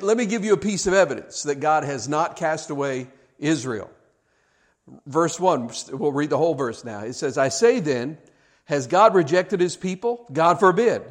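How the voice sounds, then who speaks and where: A male pastor preaching a sermon, earnest and full of rhetorical questions, often restarting his words. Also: fairly high pitch.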